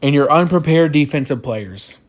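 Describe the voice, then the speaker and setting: A man's voice: a little high, expressive, moderate pace. A young man giving a frustrated postgame rant as a college football fan, repeating himself and ranting.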